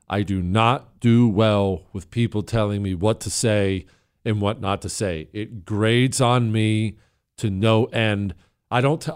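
A man's voice: on the low side, clean tone. A man hosting a talk show, delivering an opinionated, emphatic monologue that rambles with plenty of fillers.

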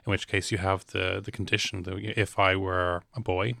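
Male host, very low voice, halting teacher's chat; dry close recording. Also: flat delivery, vocal fry, bright, forceful tone, dry recording. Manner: hesitant, restarts often.

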